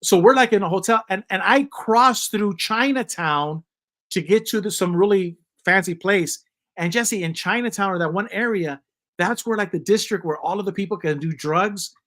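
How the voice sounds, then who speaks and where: A man in his fifties hosting a casual livestream chat, rambling and joking in a loose, animated way. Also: high voice, moderate pace, low-quality recording. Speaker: host.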